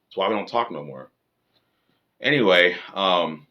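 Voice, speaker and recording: Deep voice guy ranting about dating, blunt and sweary, kinda muffled recording. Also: lively intonation, unhurried, pauses often. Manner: blunt, profane, lecturing. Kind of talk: casual rant to camera.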